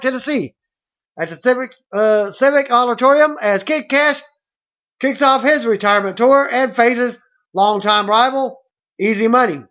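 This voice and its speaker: Bright-voiced man reading wrestling news. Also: very high-pitched. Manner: reads aloud, stumbling over names. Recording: dull lo-fi recording.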